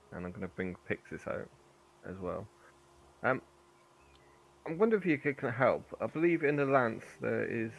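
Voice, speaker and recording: A man playing a tabletop game, explaining his character's actions in a hesitant, halting way over a dull lo-fi mic. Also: lowish voice, vocal fry, slight background noise. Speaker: player. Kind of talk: casual tabletop play.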